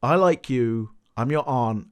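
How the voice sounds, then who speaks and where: A man voicing a possessive young queen who bosses and threatens, in a low quiet voice. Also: slow pace, clear, resonant tone, lightly acted. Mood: threatening. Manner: bossy, domineering.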